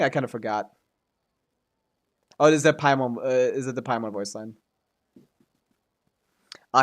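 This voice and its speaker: A man streaming a video game, commenting casually in a rambling, joking way and laughing often. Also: medium pitch.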